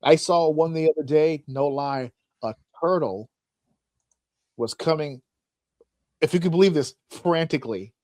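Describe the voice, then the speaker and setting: A man's voice: fairly high pitch, unhurried, pauses often, no room sound. Podcast host, male, casual comic banter, acts out voices, dry close recording. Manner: animated storyteller, acts out voices, laughs often. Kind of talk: casual comedic chat.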